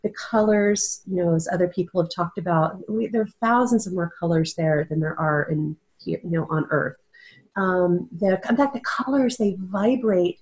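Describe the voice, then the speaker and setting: A woman's voice: on the low side, moderate pace, a little mellow, rough recording. A woman, a guest in an interview, speaking in an earnest, searching way and often restarting her sentences. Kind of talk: casual interview talk. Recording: audio-only interview.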